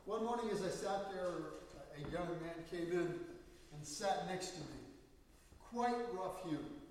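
High-voiced pastor in an echoey hall. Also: male voice, measured pace, recorded from a distance, slight background noise. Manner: storytelling, animated quoting of people. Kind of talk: sermon. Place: church sanctuary.

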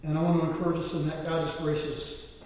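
A middle-aged man preaching a sermon, earnest, rising louder when he quotes scripture. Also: on the high side, level tone, fast. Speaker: pastor. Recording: echoey hall, voice from far off the mic.

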